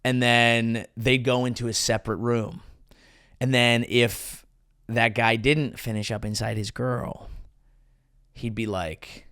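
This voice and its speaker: A man's voice: mid-range voice, level tone, slow pace, fairly bright tone, clean tone, no room sound, clean studio sound. A man hosting a comedy podcast, riffing crudely and jumping into silly impressions.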